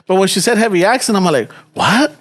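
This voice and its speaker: A man's voice: high voice, brisk. A man with a Chicano English accent telling a story in a casual podcast chat, acting out quoted exchanges and swearing freely. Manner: animated storyteller, acts out quoted exchanges, swears freely, mixes Spanish slang. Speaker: podcast co-host.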